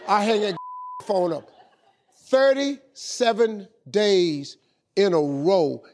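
A middle-aged man telling an animated motivational story, often repeating "man" as filler. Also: sits high. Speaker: motivational speaker. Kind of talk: storytelling speech.

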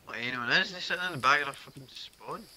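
A man's voice: mid-range voice, fast talker, a crowd in the background. A young man, complaining and defending himself while gaming with friends. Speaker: gamer. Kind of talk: casual gaming chat with friends.

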